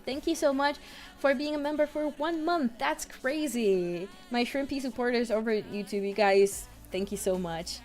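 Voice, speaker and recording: A young woman in her twenties hosting a live stream, her voice sitting a touch high. She chats casually and excitably, gushing over her viewers while admitting her nerves, with faint music playing underneath. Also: a little fast. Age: 20s. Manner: excitable, gushing greetings to chat; nervous, self-conscious chatter.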